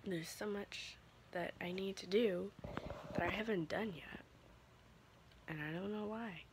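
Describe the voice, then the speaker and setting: A woman chatting slowly and unhurriedly in a home vlog, often dropping to a soft half-whisper to keep quiet. When she coos at her dog, her voice lifts into a high sing-song, and a faint hum of noise sits behind her. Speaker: vlogger. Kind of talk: casual home vlog talking to her pets. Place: home indoors.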